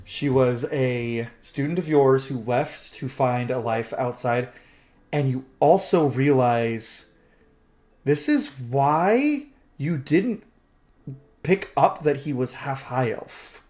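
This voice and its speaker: A man runs a tabletop game over an online call, narrating scenes in a chatty, easygoing way. He laughs often and backs up mid-sentence to rephrase. His pitch sits in an ordinary middle range. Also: slow pace, darkish tone. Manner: chatty, laughs easily, restarts sentences while describing. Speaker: game master. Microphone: online call microphone.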